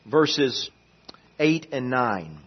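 Slow, husky-voiced preaching man. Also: mid-range voice, sing-song, highs cut off. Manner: slow, emphatic preaching with scripture reading. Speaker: pastor. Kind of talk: sermon. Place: church.

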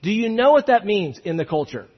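A man preaching a sermon, reading scripture and acting out voices, moving from loud emphasis to hushed asides. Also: high-pitched, very animated, fairly quick, breathy edge. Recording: dull lo-fi recording.

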